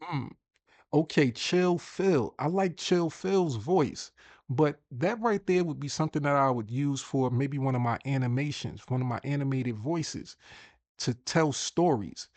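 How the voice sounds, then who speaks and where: A man's voice: medium pitch, expressive, a little slow, darkish tone, no echo. Guy talking thru a tutorial, casual, restarts a lot, dry close sound. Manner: chatty, thinks aloud, repeats himself. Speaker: host. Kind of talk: casual screen-share tutorial.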